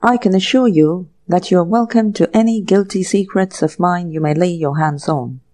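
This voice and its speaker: A woman doing a nonchalant young gentleman. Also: fairly low pitch, normal speed, close to an everyday voice. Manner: casual, nonchalant.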